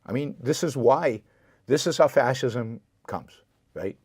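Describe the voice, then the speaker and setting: A man's voice: mid-range voice, expressive, unhurried, a little mellow, husky, no room sound, studio quality. A man hosting his own show, giving impassioned political commentary, repeating points for emphasis and answering viewer comments directly. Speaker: show host.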